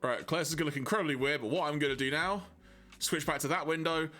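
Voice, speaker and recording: A man's voice: on the high side, fast, pushed and bright, faint music behind. A man hosting a game stream, chatting easily, laughing readily and muttering to himself as he plays. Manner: easygoing, laughs readily, mutters while playing. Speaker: streamer host. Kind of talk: casual gaming stream chat.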